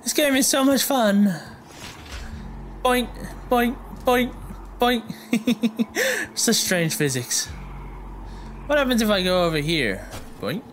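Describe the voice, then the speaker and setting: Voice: medium pitch, big pitch swings, normal speed, long pauses, a bit bright, slight background noise. A gamer giving let's play commentary, joking, swearing freely and talking back at the enemies on screen. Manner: joking, talks to the enemies and the game. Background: game music.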